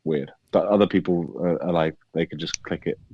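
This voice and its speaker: A British actor chatting in an interview, talking thoughtfully with lots of restarts and hedges. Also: male voice, sits low, steady tone, a little fast, dull audio. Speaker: actor guest. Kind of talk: casual interview chat.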